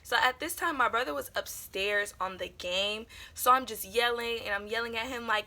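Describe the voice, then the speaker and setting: Vlogger, young woman, chatty storyteller, crisp bright voice. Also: fairly high pitch, moderate pace, few pauses. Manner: chatty, meandering with lots of fillers. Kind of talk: casual storytime.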